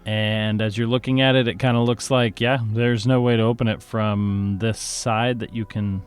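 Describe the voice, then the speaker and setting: A man's voice: fairly low pitch, little pitch movement, moderate pace, smooth, soft background music. A man narrating a tabletop game as game master, playful and making sound effects.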